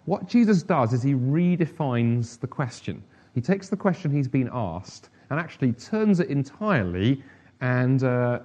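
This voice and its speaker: A man's voice: mid-range voice, dark tone. Male preacher, conversational sermon. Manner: conversational, humorous, with asides.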